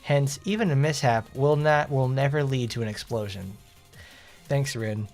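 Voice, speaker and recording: A man casually streaming a game, reading its story aloud and chatting between lines in a relaxed, self-interrupting way. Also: medium pitch, moderate pace, faint music behind.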